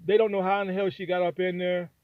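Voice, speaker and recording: Heated high-voiced man ranting. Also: flat delivery, fast talker, no room sound. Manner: heated, profane, repetitive. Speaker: vlogger giving opinion. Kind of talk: angry opinion rant. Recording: dry, phone-like sound.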